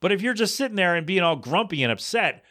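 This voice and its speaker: A man chats casually on a podcast, spinning a long anecdote with lots of asides. His voice is slightly high and very bright. He keeps slipping into quick impressions of the people in his story. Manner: rambling, animated anecdote with acted quotes. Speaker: podcast co-host.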